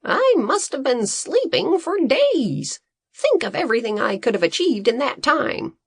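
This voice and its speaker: Woman playing a shrill outraged farmer-inventor. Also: big pitch swings, a little slow, husky, no echo, exaggerated voice. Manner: indignant, shrill.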